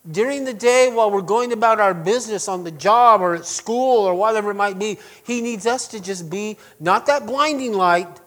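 A man preaching a sermon to his congregation, chatty and full of asides, who swings between loud emphatic passages and quiet, hushed lines. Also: high voice, moderate pace, hardly any pauses. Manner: conversational with restarts and asides to the congregation. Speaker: pastor.

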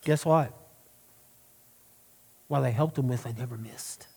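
A man's voice: medium pitch, a little slow, creaky, mellow, breathy edge. A middle-aged man, preaching a sermon in an earnest, emphatic way and drawing out key words. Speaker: pastor.

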